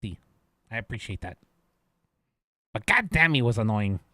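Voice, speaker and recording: A man in casual in-character roleplay banter, animated, dropping Chicano slang. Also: lowish voice, moderate pace, no room sound, clean studio sound.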